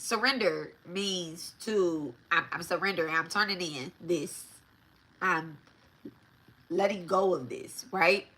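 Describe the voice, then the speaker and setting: A woman's voice: medium pitch, pushed and bright. A woman hosting a spiritual talk show, teaching in a chatty, repetitive way and often checking in with her listeners with "right?". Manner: chatty, repeats herself, keeps asking "right?". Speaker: spiritual podcast host.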